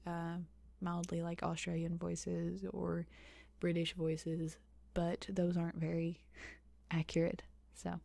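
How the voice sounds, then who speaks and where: A young woman with a tamed Southern accent speaks softly into a close mic, slipping in and out of whispers. Her voice sits low and mellow, with a gravelly fry at the edges. The sound is dry and intimate, as in a soft-spoken ASMR Q&A. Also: little pitch movement, slow pace, pauses often, no room sound. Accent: softened Southern US. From American South. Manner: soft, partly whispered, hesitant with many fillers. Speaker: ASMR channel host. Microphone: close microphone.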